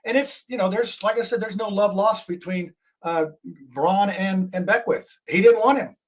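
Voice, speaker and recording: A man's voice: high voice, moderate pace. Indignant talk show host, a man. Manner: indignant, rambling, restarts often. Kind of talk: political commentary.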